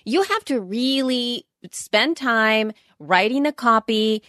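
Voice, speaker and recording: A woman's voice: medium pitch, fairly bright tone, no echo, studio quality. A woman co-hosting a podcast in casual chat, talking at length with frequent restarts. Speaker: podcast co-host.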